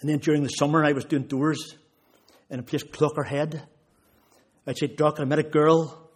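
A man's voice: fairly high pitch, little pitch movement, moderate pace, breathy edge. A man giving a sermon testimony, retelling conversations with rising intensity. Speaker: preacher.

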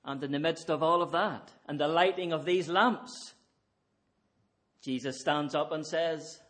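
A man's voice: on the high side, measured pace, a bit bright. A man preaching an evening sermon, earnest and emphatic, pressing his listeners with repeated rhetorical questions.

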